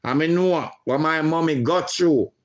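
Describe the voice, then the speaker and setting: A middle-aged man hosting a livestream, reading viewer comments aloud in a slow, emotional way. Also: a little high. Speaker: livestream host.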